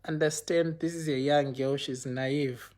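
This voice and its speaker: A man's voice: fairly high pitch, steady tone, measured pace, darkish tone. A young man telling a personal story on a livestream in a casual, rambling way, often repeating himself and checking in with viewers.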